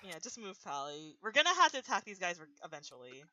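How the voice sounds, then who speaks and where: A man's voice: high voice, fast, highs cut off. A man playing a tabletop game with friends, teasing and pushing the group to act. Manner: teasing, animated, pushes the group on. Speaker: player. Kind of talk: casual tabletop game chat.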